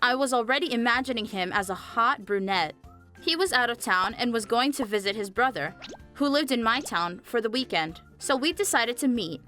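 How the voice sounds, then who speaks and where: Bright young woman narrating a story. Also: on the high side, expressive, normal speed. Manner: chatty, addresses viewers directly. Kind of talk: scripted animated storytelling narration. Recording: faint music behind the voice.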